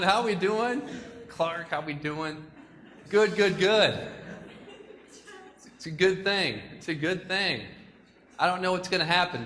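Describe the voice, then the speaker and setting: A man's voice: a little high, a bit bright. Man speaking in a reverberant hall. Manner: chatty, self-deprecating, gets choked up. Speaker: speaker addressing a school assembly. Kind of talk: casual, joking motivational talk. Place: large hall with an audience. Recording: long hall reverb, faint room noise.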